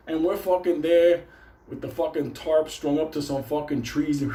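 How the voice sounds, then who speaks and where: A man's voice: fairly high pitch, background noise. A Puerto Rican man telling a comic story in casual talk, swearing constantly and laughing as he goes. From Puerto Rico. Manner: profane, animated, laughing through his story. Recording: roomy echo.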